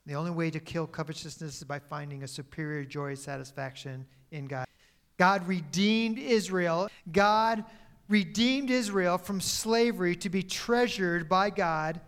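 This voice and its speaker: Sitting high in pitch, a male pastor preaches at a measured pace. His lines alternate between loud emphasis and quiet, dropped endings, and he sometimes corrects himself in the middle of a sentence.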